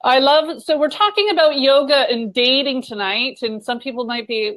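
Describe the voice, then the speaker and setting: A woman's voice: high voice, normal speed, a bit bright. A woman hosting a casual interview, gushing and enthusiastic about her guest. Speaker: host.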